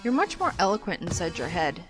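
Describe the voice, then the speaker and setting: A woman talks through her video game in casual, animated commentary, joking and exasperated. Her voice sits on the low side for a woman, and faint game music plays underneath. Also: brisk. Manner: chatty and animated, with exasperated jokes. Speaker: let's play host.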